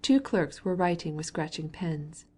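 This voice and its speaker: Woman reading an old novel audiobook, calm steady pace, lowish mellow voice. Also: measured pace, husky. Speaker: audiobook narrator. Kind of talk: scripted narration.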